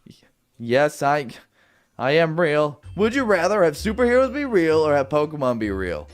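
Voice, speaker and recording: A man hosting a gaming video gives casual, jokey commentary as he plays at home in his apartment, his slightly high voice sing-song at a normal speed. His voice makes sudden playful jumps, and a neighbor's music plays in the background.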